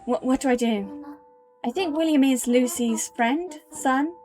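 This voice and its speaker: A woman's voice: sits high, unhurried, a little mellow. A woman streaming a game live, thinking aloud as she plays, with faint game music behind.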